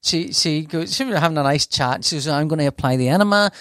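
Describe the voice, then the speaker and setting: A man's voice: on the high side, fast talker, fairly bright tone, clear, resonant tone, dry recording, studio quality. Rambling man telling a story. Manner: rambling anecdotal storyteller, laughs often, flustered. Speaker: podcast host telling a story. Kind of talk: casual chat.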